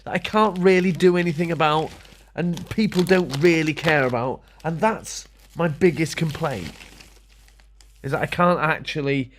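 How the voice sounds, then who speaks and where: A man's voice: on the high side, normal speed, slight background noise. A middle-aged man ranting casually to camera, grumbling and sarcastic, muttering to himself as he works. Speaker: vlogger.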